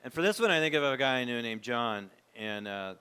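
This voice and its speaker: A man's voice: mid-range voice, animated, fairly quick, bright, forceful tone, smooth. A man in his fifties, a former pastor, giving a candid, reflective, conversational talk to a men's gathering.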